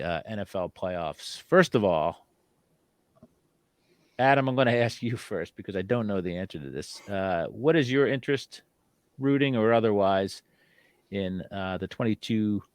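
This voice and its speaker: Low-voiced male podcast host. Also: no room sound, clean studio sound. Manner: hedging with fillers, asks rhetorical questions. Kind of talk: casual sports and hobby chat.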